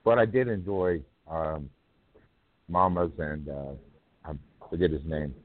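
A man hosting a poetry call-in radio show, rambling and halting with many fillers. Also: rumbling low, animated, no room sound. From North Carolina. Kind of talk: casual call-in chat. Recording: tinny phone line.

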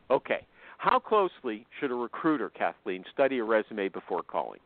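An excitable man hosting a podcast. He talks in a rambling, animated way and swings widely in pitch. The sound is dry and narrow, like a phone call. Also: a little fast, no echo. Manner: rambling, excitable, jumps into funny voices. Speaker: podcast host. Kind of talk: casual chat with ad read.

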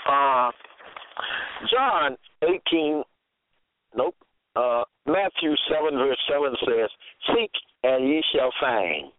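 A man teaching from scripture in a slow, deliberate way, reading out verse after verse and restating each one. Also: medium pitch, expressive, no echo. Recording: tinny phone-line sound, dry.

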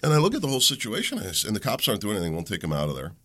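A man's voice: fairly low pitch, huge pitch swings, racing, fairly bright tone. A man hosting his own talk show, ranting in an angry opinion monologue and mocking the people he quotes. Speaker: podcast host.

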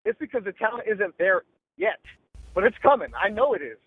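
A middle-aged sports broadcaster from Los Angeles, talking bluntly and emphatically with slang in a casual podcast interview over a tinny, dry line. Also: male voice, high voice, lively intonation, a little fast, slightly rough, no room sound.

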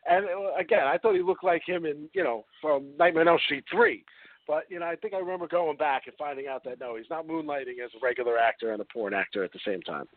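A man's voice: on the high side, fast, dry recording. A man co-hosting a podcast in casual chat, rambling with lots of fillers and the odd swear. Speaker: podcast co-host. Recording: dry, phone-like lo-fi audio.

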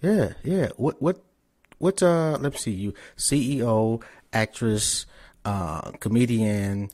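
A man's voice: mid-range voice, expressive, slow pace, a little mellow. Casual cursing guy hosting a streamed podcast, loose and chatty. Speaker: podcast host. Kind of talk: casual interview chat.

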